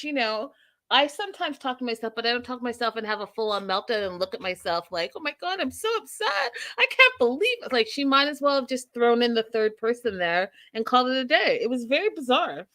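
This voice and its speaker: Woman, host, bright voice, slightly high pitch, animated casual recap chat, acts out quotes. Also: a little fast.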